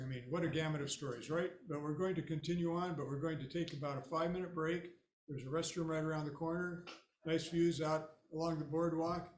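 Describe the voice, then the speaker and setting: A man hosting a storytelling evening, making relaxed, casual announcements, recorded in an echoey room with faint noise. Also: on the high side. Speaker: event host.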